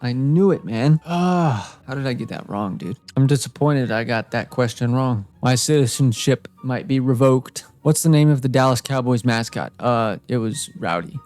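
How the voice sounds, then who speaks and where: A man's voice: medium pitch, animated, moderate pace, few pauses, a little mellow, faint music behind. A young man playing a trivia game, reading each question aloud and reacting with exasperated, self-mocking outbursts. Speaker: gaming YouTuber. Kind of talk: casual gameplay commentary.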